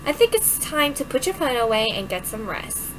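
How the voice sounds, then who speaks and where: A woman's voice: a little high, sing-song, normal speed, very noisy. A woman voicing a loyal, protective teenage best friend who is outspoken and indignant.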